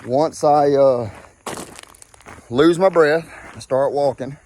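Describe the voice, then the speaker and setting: A man's voice: a little high, takes it slowly, a little mellow, a little hiss or hum. Breathless Southern man, folksy vlog while walking outdoors, Mississippi drawl. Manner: folksy, drawling, keeps saying okay. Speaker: vlogger.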